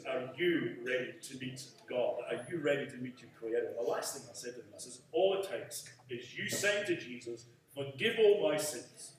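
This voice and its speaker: A man's voice: on the high side, slight background noise. A man preaching, telling a story and leading prayer, acting out the dialogue. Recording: echoey room from far off.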